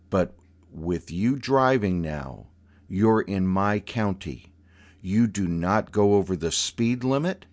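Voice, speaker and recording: A man voicing an elegant, genteel Southern aunt who is syrupy and coaxing, then firm and commanding in slow, stern words. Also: low-pitched, full character voice. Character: elegant genteel Southern aunt, sweet but steely, woman.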